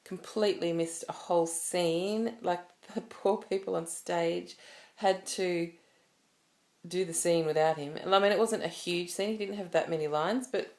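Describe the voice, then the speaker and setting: A woman's voice: lowish voice, measured pace, darkish tone. A woman talking to camera in a personal vlog, telling a story in a rambling, emotional way with many restarts. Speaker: vlogger.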